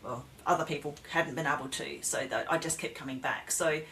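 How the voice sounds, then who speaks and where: A woman's voice: deep voice, steady tone, fairly quick, a bit bright, slight background noise, low-quality recording. A woman speaking as a podcast guest, recounting painful past events in a plain, matter-of-fact way. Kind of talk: casual podcast conversation.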